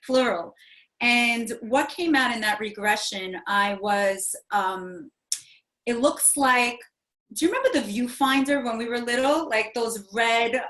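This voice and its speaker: In an echoey room, a woman in her forties appears as an interview guest, recounting a personal story earnestly but with lots of rambling, fillers and restarts. Her voice is a little high and fairly bright, and she keeps a measured pace.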